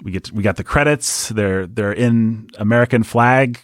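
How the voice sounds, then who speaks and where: A man's voice: fairly low pitch, normal speed, dry recording, studio quality. A man co-hosting a casual movie review podcast, talking at length and laughing often as he pokes fun at the film. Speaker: podcast co-host.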